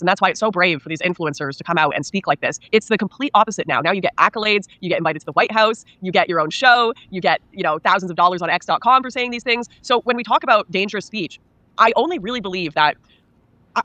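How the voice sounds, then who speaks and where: A woman's voice: lowish voice, pushed and bright, no echo. A woman being interviewed as an author, speaking candidly and earnestly, often acting out what others told her. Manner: rapid, earnest, acts out quoted people.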